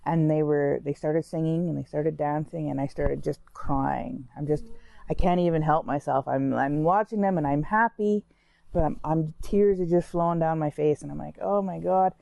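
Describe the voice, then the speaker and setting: A woman speaks candidly about her own life, talking conversationally and circling back over her words. Her voice is dark and a little gravelly, and the recording is dry and close with no room sound. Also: deep voice, normal speed, dry recording. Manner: candid, conversational, with frequent restarts and "like". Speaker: interviewee sharing her story. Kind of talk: personal storytelling.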